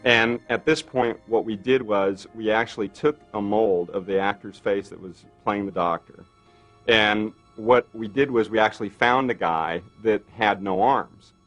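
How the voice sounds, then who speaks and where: A man, a makeup effects artist, tells a behind-the-scenes story in an animated way, full of "you know" and "right?". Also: fairly low pitch. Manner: animated storyteller, acts out others' lines, many fillers. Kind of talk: interview anecdote.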